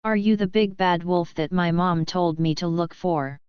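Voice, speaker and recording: Trusting little storybook girl, read by a woman, clear and dry. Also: on the low side, moderate pace, a little mellow, no echo, natural voice. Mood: innocent.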